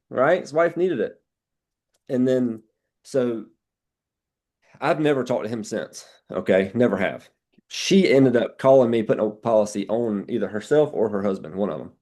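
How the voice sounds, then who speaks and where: A man's voice: medium pitch, warm tone. A man, telling a blunt, folksy sales story on a team call, quoting his own dialogue with many restarts.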